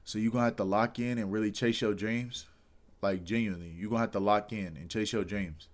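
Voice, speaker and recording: A man's voice: lowish voice, fairly even intonation, a little fast. A tired young man, a streamer giving a rambling, earnest motivational talk and swearing casually. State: tired, yawning.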